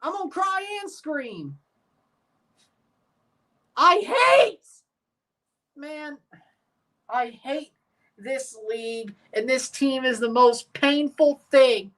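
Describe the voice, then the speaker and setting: A woman streaming a sports watchalong, ranting with profanity and sarcasm and bursting into shouts. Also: high-pitched, animated, extremely slow, long pauses. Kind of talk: live sports reaction rant.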